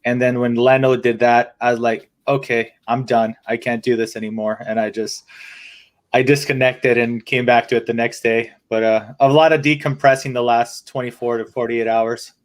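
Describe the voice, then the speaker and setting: A man on a casual football podcast, talking earnestly and haltingly about his team's loss. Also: mid-range voice, flat delivery. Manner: earnest, halting, repeats himself. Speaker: podcast co-host.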